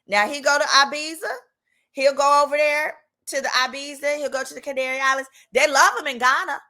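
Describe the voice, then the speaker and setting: A woman in her thirties, a lawyer and channel host, telling a story in a sassy, animated way straight to her viewers. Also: high-pitched, brisk. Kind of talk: casual storytime.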